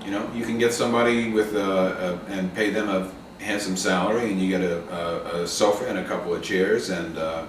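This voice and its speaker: A middle-aged man, an actor and acting coach, rambles as a guest in a casual interview, with many fillers and restarts. His deep voice is brisk and fairly even in intonation with few pauses, heard from off mic in an echoey room with faint noise.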